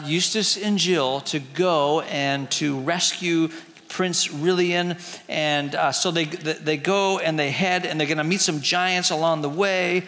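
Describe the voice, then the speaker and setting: A man's voice: a little high, bright, forceful tone, big-room sound. A man retelling a storybook to a group, chatty and asking the listeners questions as he shows pictures. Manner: chatty, asks the audience questions. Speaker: teacher retelling a book.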